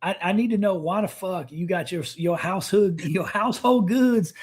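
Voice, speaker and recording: Animated high-voiced man telling stories. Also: normal speed, slightly rough. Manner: animated, profane storytelling. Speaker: podcast co-host, Navy veteran. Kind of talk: casual storytelling chat.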